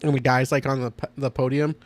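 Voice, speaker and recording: A man's voice: medium pitch, flat delivery, fast talker. Enthusiastic man in a casual podcast chat. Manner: enthusiastic, laughs often, rambling. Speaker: podcast host.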